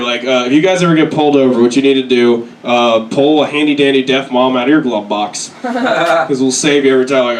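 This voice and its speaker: A man's voice: a little high, a little hiss or hum. Young man doing crude stand-up. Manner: crude, self-deprecating storytelling with quick put-on voices. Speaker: stand-up comedian. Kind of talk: stand-up set. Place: comedy club stage. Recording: echoey room, mic at a distance. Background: audience laughter.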